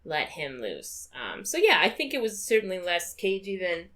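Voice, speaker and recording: A woman's voice: lowish voice, normal speed. A young woman co-hosting a podcast in casual chat, laughing often and talking animatedly. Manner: laughs a lot, animated and giggly. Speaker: podcast co-host.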